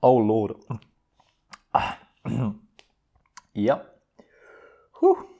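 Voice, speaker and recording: A man's voice: on the low side, expressive, drawn-out words, gravelly, mellow. A man hosting a casual cooking vlog at home, rambling and exclaiming with self-mocking humor. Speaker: channel host. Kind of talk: casual vlog chat while cooking and eating.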